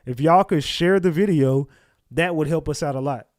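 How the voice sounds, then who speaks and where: Blunt, profane livestream host, dry sound. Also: male voice, on the high side, moderate pace, a little mellow, dry recording. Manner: blunt, profane, confrontational with chat. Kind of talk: casual livestream chat reading comments.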